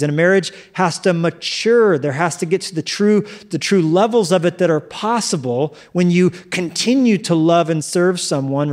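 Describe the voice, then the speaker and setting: A man preaching a sermon in an animated, joking way, acting out quoted inner voices. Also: fairly high pitch. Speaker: pastor.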